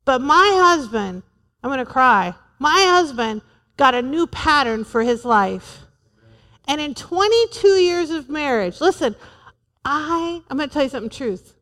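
A woman's voice: high voice, animated, a little slow, bright, forceful tone, long reverb tail. A woman in her forties preaching a sermon to a church, humorous and emphatic, repeating her points. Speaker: pastor's wife preaching.

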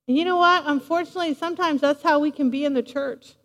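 A woman preacher giving a lively, playful sermon, speaking straight to her congregation in a large church hall. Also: high-pitched, fast, few pauses. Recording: long reverb of a large hall.

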